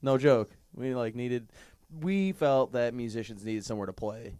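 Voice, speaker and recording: A man's voice: mid-range voice, normal speed, darkish tone, clear, resonant tone, no room sound. A man hosting a music show from a garage studio, chatting casually, joking and teasing his guest. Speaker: show host. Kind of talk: casual interview chat.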